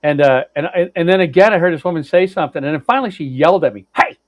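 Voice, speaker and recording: Talking very fast with lively intonation, a man whose voice runs a little high tells a rambling road-trip tale as co-host of a podcast. He fills it with restarts, filler words, and blunt cursing, and the recording is dry, dull, and lo-fi.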